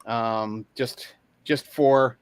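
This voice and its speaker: A man chatting casually as a guest, talking haltingly with many fillers and restarts over a video call. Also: medium pitch, fairly even intonation, clean tone, no echo. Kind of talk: casual chat.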